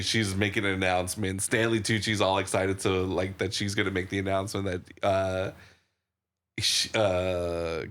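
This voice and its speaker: A man's voice: low-pitched, a bit bright. A man co-hosting a podcast, chatting casually and rambling about a film, swearing freely and laughing often. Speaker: podcast co-host. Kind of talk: casual movie review chat.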